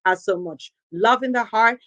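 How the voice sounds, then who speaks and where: A woman's voice: fairly high pitch, normal speed, a bit bright, no room sound. A woman from Nigeria hosting a show, giving an earnest, emphatic motivational talk and repeating phrases for stress. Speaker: host.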